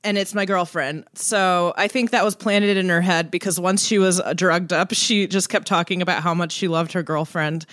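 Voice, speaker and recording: A woman's voice: on the low side, steady tone, normal speed, few pauses, a bit bright, dry recording, studio quality. A woman co-hosting a podcast, telling stories in a chatty way and laughing often. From Iranian family, speaks Farsi. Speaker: podcast co-host. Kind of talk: casual chat.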